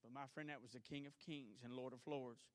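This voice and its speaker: A male pastor with a Southern US accent preaching a sermon, swinging between shouted exhortation and quiet storytelling. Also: medium pitch, fairly even intonation, brisk, dry recording. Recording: archived church service.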